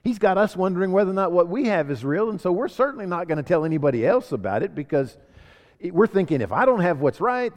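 A man preaching a sermon as pastor, asking rhetorical questions and building emphasis. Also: on the high side. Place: church sanctuary. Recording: long hall reverb.

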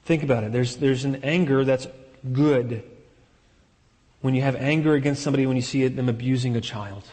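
A pastor preaching a sermon in an earnest way, repeating key phrases for emphasis. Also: male voice, medium pitch, a little fast, mellow, big-room sound.

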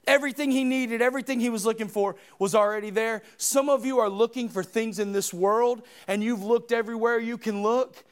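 A preacher with a very high voice delivers a sermon in church. He swings from loud, shouted exhortation to soft, hushed retellings of the story. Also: fairly even intonation, fairly quick, few pauses, clear, resonant tone.

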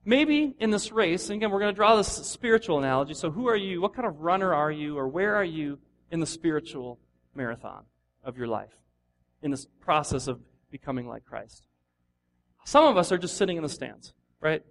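A middle-aged man preaching a sermon in a conversational, animated way, acting out the voices of the people he describes. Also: a little high, fairly quick. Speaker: pastor.

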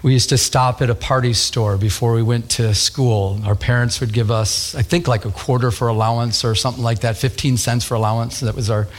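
A man preaching a sermon, telling a lively childhood story with acted-out voices before turning to scripture in emphatic, repeated phrases. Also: mid-range voice, a little fast, hardly any pauses. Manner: animated storytelling, acts out voices.

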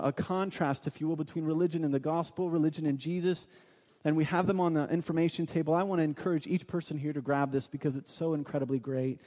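A man in his thirties preaching a sermon as a pastor, earnest and quick to act out the voices of people in his stories. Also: fairly high pitch, warm tone. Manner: earnest, acts out quoted voices in his storytelling. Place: church sanctuary. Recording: long hall reverb.

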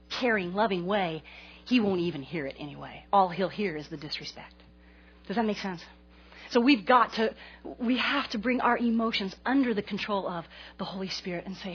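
A woman in her forties preaching a sermon to a congregation, an animated and self-mocking storyteller. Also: mid-range voice, husky, dull audio. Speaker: pastor's wife speaking to a congregation.

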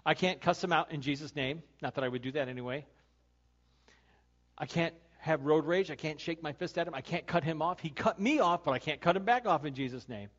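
A middle-aged male pastor giving a conversational sermon, telling a personal story with animated voices and then turning quiet and earnest to make his point. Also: on the high side, a little fast. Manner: animated storytelling, acting out his own road rage; turns quiet and earnest when making the point. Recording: dull lo-fi sermon recording.

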